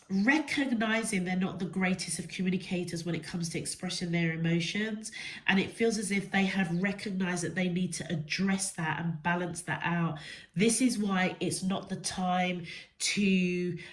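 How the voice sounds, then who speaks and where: Stuffed-up lady doing a tarot reading, rambly, keeps going "okay?" "yeah?", middle pitched voice. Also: rough recording. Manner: rambling, checks in with the viewer often ("okay?", "yeah?"). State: stuffy, congested nose. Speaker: tarot reader. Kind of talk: casual tarot reading to camera.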